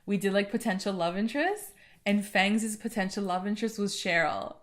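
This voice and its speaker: A woman's voice: mid-range voice, brisk, fairly bright tone. A young adult woman co-hosting a podcast, recapping in a rambling, casual way that is full of "like". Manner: rambling, fills speech with "like". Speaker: podcast co-host.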